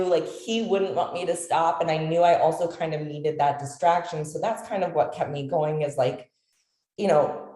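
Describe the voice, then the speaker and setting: A woman telling a personal story as an interview guest, halting with many fillers and restarts, choked up at times. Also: low-pitched, dark tone, roomy sound.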